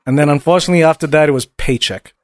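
A man's voice: a little high, rapid-fire, no room sound, studio quality. A man in casual chat about films, swearing freely and quoting movie lines.

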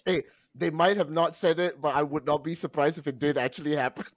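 A man in casual podcast chat, telling anecdotes in a relaxed way and swearing freely. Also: on the high side, a little fast, no room sound.

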